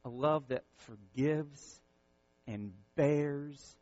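Pastor, male, passionate sermon, bit high voice, dry muffled recording. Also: drawn-out words, dry recording. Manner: impassioned, repeats words, builds to loud peaks then drops soft.

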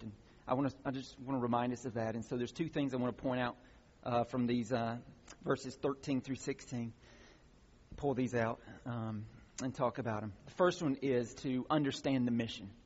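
A man's voice: mid-range voice, husky. A man preaching a sermon as a pastor, earnest, with fillers and restarts, rising into emphatic passages. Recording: long church reverb, dull lo-fi sound.

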